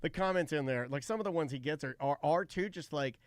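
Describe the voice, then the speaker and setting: A man's voice: a little high, fairly quick, no echo. Brief: Florida man co-hosting, wisecracking and opinionated, dry close mic. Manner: joking, opinionated, conversational. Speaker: co-host. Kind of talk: casual chat on a live show.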